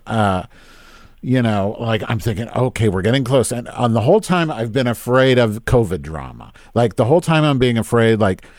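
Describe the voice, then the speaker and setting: Man, fifties, podcast host, cursing, exasperated, mid-pitched, dry recording. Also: a little mellow, dry recording. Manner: profane, exasperated ranting. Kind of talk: casual live-stream rant.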